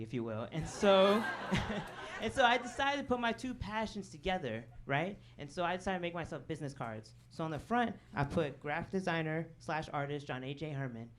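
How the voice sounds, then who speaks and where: A woman's voice: low-pitched, slight background noise. A comedian doing a stand-up set in a comedy club, chatting with the crowd and tossing in "okay?" and "right?" asides, often laughing at her own jokes. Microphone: handheld stage mic. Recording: club audience laughing in background. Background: audience laughter.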